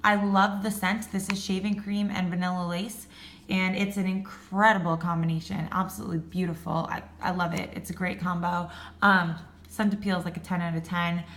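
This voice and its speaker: A woman's voice: lowish voice, flat delivery, moderate pace, fairly bright tone, echoey room. A woman vlogger chatting casually about home fragrance, swearing now and then and laughing at herself. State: voice cracking. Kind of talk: casual chat.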